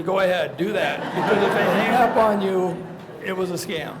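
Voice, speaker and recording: A man, a county attorney on a community panel, telling lively anecdotes and acting out scam phone calls. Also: sits high, quick pace, a loud crowd. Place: church hall. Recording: noisy hall recording.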